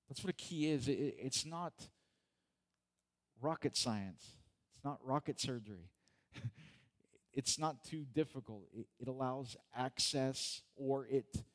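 A middle-aged male pastor preaching a sermon in a conversational, joking way, often asking the congregation questions. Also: medium pitch.

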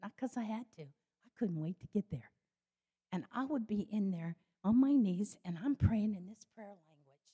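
An older woman telling her personal faith story, animated and acting out the voices she quotes. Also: normal speed, breathy edge. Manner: animated, acts out quoted voices with sudden high jumps. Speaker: speaker giving a personal faith testimony.

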